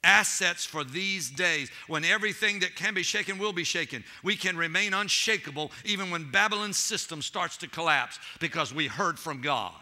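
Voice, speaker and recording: A man's voice: high-pitched, expressive, normal speed, few pauses, pushed and bright. A man preaching a sermon as pastor, telling stories with animation and calling out to his congregation as saints.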